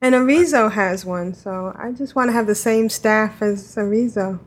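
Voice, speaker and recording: A woman's voice: medium pitch, normal speed. A woman co-hosting a gaming podcast, chatting casually and handing over to her co-hosts. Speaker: podcast co-host. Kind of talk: casual chat.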